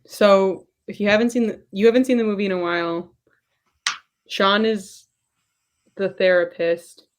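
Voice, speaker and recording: A woman's voice: medium pitch, fairly even intonation, unhurried. A woman hosting a casual chat at home, chatty and self-deprecating. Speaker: podcast host. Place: at home doing dishes.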